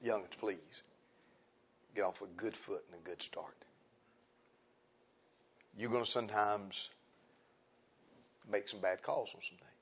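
Gravelly preacher man. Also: on the low side, unhurried, pauses often, slight background noise. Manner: folksy, swings between hushed asides and loud exclaims. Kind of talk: sermon. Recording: dull lo-fi sound.

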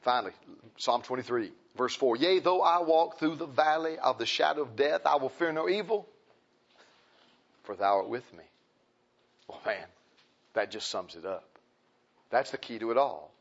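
A man's voice: mid-range voice, normal speed, long pauses. A man preaching a sermon in a folksy, emphatic way, often repeating his phrases. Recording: dull lo-fi recording.

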